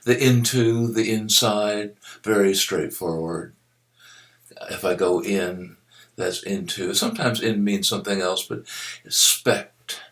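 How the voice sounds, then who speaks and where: An older man explaining a vocabulary activity to students and teachers in a slow, deliberate teaching manner, spelling out letters as he goes. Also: on the low side, fairly bright tone. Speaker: literacy educator. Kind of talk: instructional video narration.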